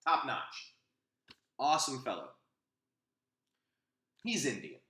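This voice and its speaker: A man's voice: mid-range voice, very animated, slow pace, sharp tone, roomy sound. A man hosting a casual opinion chat, telling a rambling anecdote with frequent restarts. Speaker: host.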